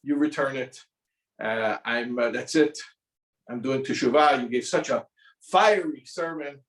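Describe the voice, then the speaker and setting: A man's voice: mid-range voice, natural voice. A man doing a sheepish repentant thief. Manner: halting, apologetic, full of restarts. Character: repentant small-town male thief, sheepish. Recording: roomy sound from a distance.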